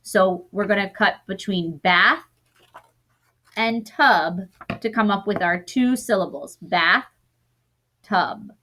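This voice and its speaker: A woman teaching a recorded lesson to young students, sounding out word parts slowly and often correcting herself as she goes. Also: medium pitch, bright, forceful tone.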